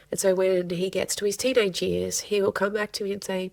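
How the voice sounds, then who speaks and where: A middle-aged woman counselor who is a guest on a podcast, speaking earnestly and gently and repeating phrases for emphasis. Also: mid-range voice, level tone, a little fast, gravelly, few pauses, no room sound. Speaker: family and child counselor guest. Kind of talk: podcast interview conversation.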